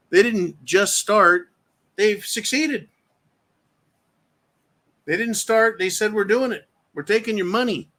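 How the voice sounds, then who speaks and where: A man rants on his own live show in a profane, combative way, his slightly high voice pushed forward and bright with force. He talks straight to his viewers and breaks off to read their comments aloud. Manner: reads viewer chat aloud. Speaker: show host. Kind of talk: live-stream commentary rant.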